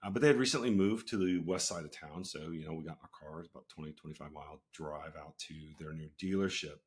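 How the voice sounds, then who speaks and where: A middle-aged man hosting his own show, telling a story in a relaxed way with lots of fillers and asides. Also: very deep voice, fast. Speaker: host, company founder. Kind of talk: casual storytelling talk.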